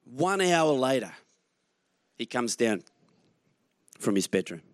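A man's voice: mid-range voice, big pitch swings, slow pace, dry recording, studio quality. A man in his forties with an Australian accent, preaching as a guest speaker in a conversational storytelling way, chuckling through his anecdotes. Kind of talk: sermon with personal storytelling.

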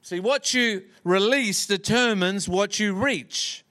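A man preaching a sermon as a visiting pastor, delivering lines slowly and with emphatic pauses. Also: sits high, sharp tone. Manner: preaching with slow emphatic pauses and acted-out story voices. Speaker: guest pastor.

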